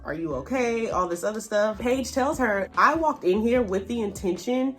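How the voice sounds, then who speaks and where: A woman casually recapping a reality show, chatty and animated, acting out what people said. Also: normal speed, faint music behind. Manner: chatty and animated, reenacts quotes with pitch jumps. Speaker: YouTube TV recap host.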